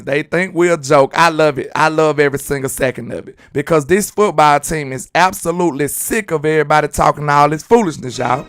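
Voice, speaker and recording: A man with a Southern US accent hosting a casual livestream sports commentary. He talks in an animated, slangy way and breaks into sing-song shout-outs. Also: fairly high pitch, smooth, no echo, studio quality. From Alabama. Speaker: sports channel host.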